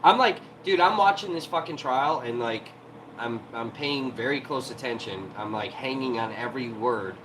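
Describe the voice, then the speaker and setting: A man's voice: medium pitch, normal speed, noisy background. A man hosting a livestream from home, ranting heatedly and profanely in an irritated tone. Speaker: livestream host.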